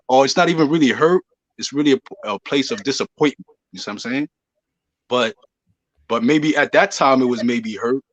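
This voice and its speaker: On a live podcast discussion, a show regular speaks emphatically in a mid-range, slightly bright voice, repeatedly asking "you see what I'm saying" to check that listeners follow. The recording is dry and the audio poor.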